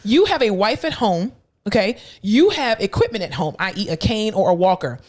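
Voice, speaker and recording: An animated woman in her thirties talks casually on a podcast, at a middling pitch. She tells workplace stories and jumps way up in pitch when she acts out the people in them. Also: normal speed. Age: 30s. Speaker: podcast co-host, physical therapist. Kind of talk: casual chat.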